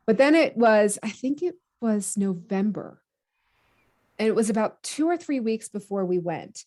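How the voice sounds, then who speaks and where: Woman chatting on a podcast, lively, quotes herself a lot, laughs easy. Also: medium pitch, a little slow. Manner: lively, acts out her own quoted thoughts; many fillers and restarts, laughs easily. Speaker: podcast guest. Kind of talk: casual conversational storytelling.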